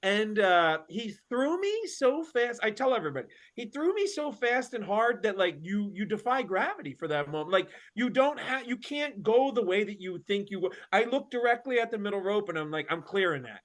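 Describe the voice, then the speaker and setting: A man with a notably high speaking voice tells a story in a relaxed interview. He is animated and full of fillers and slang. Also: moderate pace, few pauses. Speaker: wrestler guest. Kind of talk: casual storytelling.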